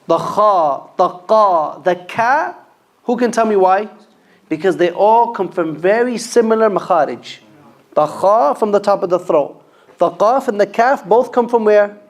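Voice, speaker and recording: A man teaching Quran reading in a mosque class, slowly drilling letter sounds and correcting pronunciation. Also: high voice. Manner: slow, clearly enunciated call-and-repeat drilling with correction. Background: class of students repeating.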